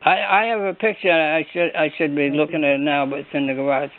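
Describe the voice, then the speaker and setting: A man telling an anecdote in an animated way, laughing and repeating words, on a conference call. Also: fairly high pitch, fairly quick. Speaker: former coach on a reunion call. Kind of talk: casual storytelling. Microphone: telephone. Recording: phone-line conference call, dry.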